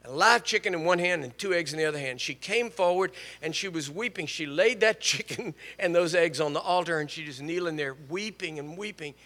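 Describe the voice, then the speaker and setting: An older man preaching in a church sanctuary, telling stories and teasing his congregation. His voice is bright and sits a bit high for a man. A long reverb trails after each phrase. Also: brisk, few pauses. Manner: storytelling, animated, jokes with the congregation. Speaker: guest preacher. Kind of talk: sermon.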